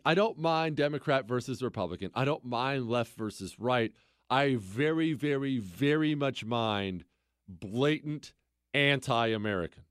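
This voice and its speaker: A man's voice: mid-range voice, dry recording, clean studio sound. A man hosting a talk radio show, delivering a sarcastic political commentary monologue with mocking repetition and incredulous outbursts.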